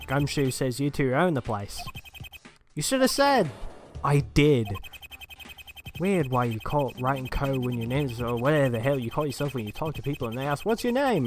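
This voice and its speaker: A man's voice: mid-range voice, lightly acted. A man voicing a brash, sarcastic male police detective with a put-on Australian accent, rambling as he talks.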